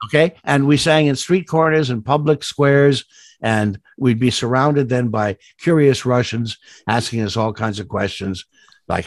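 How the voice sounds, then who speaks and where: An older man, a voice actor, chatting in an interview and telling rambling stories with many restarts and sudden jumps up in pitch. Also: measured pace, no echo, clean studio sound. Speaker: guest voice actor. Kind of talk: casual interview chat.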